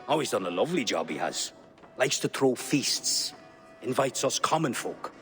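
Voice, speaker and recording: A man's voice: mid-range voice, very animated, normal speed, a bit bright, soft background music. An actor playing a friendly working man, an Irish tanner, in a video game. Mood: chatty. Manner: chatty, easygoing. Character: friendly male Irish tanner, common folk.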